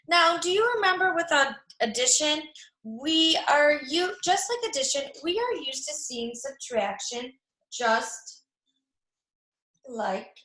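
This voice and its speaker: A woman teaching a math lesson to young children, speaking slowly and clearly, asking questions and then answering them herself. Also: high voice, pushed and bright. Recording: echoey room.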